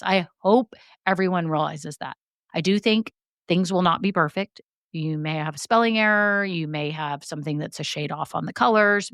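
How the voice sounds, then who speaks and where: A woman hosting a solo business-coaching podcast, talking in an energetic, emphatic way and repeating her key points. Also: fairly low pitch, dry recording, clean studio sound. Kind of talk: solo motivational podcast talk.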